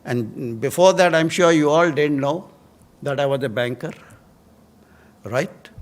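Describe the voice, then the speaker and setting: An older man with an Indian English accent speaks in a voice pitched a little above most men's. He tells anecdotes to students in a lively, chatty way and often breaks into a chuckle. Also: measured pace. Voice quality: lively storyteller, chuckles often at his own tales. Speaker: guest speaker.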